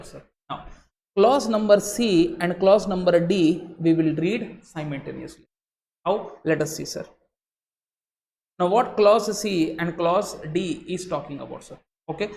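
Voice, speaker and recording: A man's voice: sits high, creaky, darkish tone. A man with an Indian English accent lecturing on law for exam students, tossing in "sir" and Hindi asides as he shifts his tone for emphasis. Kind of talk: recorded exam-prep lecture. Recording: roomy echo, faint noise.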